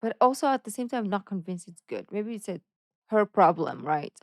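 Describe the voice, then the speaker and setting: A woman's voice: mid-range voice, sing-song, fairly quick, darkish tone, no echo, clean studio sound. A woman from the Philippines hosting a reaction channel, musing aloud in a playful, casual way and talking herself in circles.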